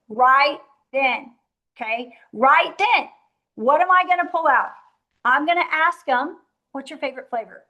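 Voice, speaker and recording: High-voiced woman giving an energetic sales training. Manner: energetic, emphatic, talks straight to the group; acts out her own sales pitches in a softer voice. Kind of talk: motivational training talk.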